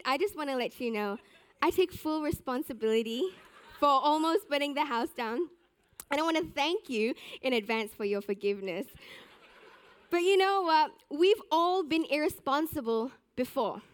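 A young woman giving a sermon, telling a personal story with animated, self-mocking humor. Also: high-pitched, normal speed. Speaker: church speaker.

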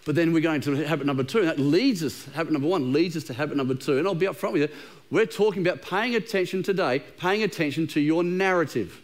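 Casting: man, middle-aged, high voice, easygoing preacher who jokes and trips over words. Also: fast. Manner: conversational and humorous, with frequent repeated words. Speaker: pastor. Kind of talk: sermon. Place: church auditorium with a live congregation.

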